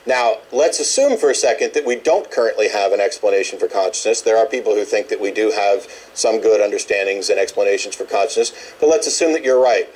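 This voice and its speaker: A man's voice: fairly low pitch, fast, few pauses, a little mellow, husky, low-quality recording. A man hosting a radio call-in show, arguing bluntly and lecturing a caller. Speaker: radio talk show host. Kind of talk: call-in debate.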